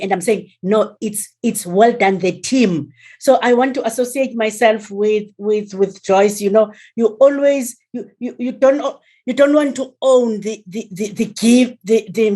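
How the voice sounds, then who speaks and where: A woman sharing her story on a group video call. She speaks haltingly and with feeling, often repeating words as she looks for them. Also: on the high side, a little mellow. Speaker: group member.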